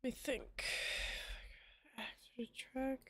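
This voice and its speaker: A woman with a slightly high voice talks slowly and casually on a live stream, often muttering to herself as she codes. The sound is close and dry, with no room echo. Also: little pitch movement. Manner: muttering to herself while working, then bursting into laughter. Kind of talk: casual live-stream chat while coding.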